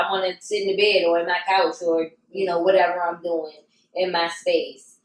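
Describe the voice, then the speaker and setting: A woman co-hosting a podcast in casual chat, talking candidly and reflectively at an unhurried pace. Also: fairly low pitch, flat delivery. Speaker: podcast co-host. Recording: roomy sound, mic at a distance.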